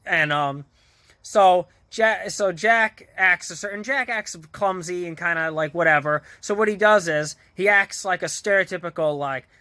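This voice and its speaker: A man's voice: sits high, normal speed, bright, forceful tone, no echo. A man vlogger casually retelling a TV episode in a rambling way, full of fillers, restarts and small chuckles. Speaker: vlogger reviewing a TV show.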